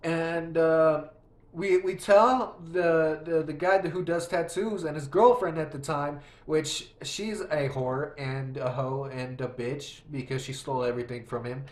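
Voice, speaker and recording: A man's voice: on the high side, steady tone, a little slow, echoey room. A young man telling a story in a rambling, profane, casual way, often restarting his sentences while he plays a game. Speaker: vlogger.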